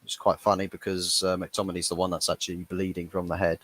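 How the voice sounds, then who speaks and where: A young man with a low, deep voice gives live reaction commentary on a football match, talking casually as an anxious fan. The sound is dry and close, with no room echo. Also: little pitch movement, quick pace, a bit bright, husky. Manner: chatty, laughs at his own jokes, frustrated fan. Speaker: fan watchalong host.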